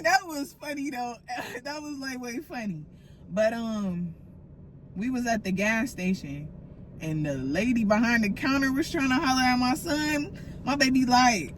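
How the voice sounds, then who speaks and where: A woman's voice: high voice, fairly bright tone, slight background noise. A woman hosting a solo podcast, telling stories in loose slang and laughing often. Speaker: podcast host. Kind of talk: casual solo podcast talk.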